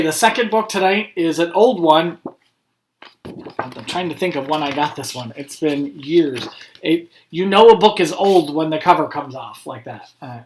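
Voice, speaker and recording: A man's voice: a little high, slight background noise. Man reading picture books aloud. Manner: friendly, chatty asides between read passages. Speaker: school principal.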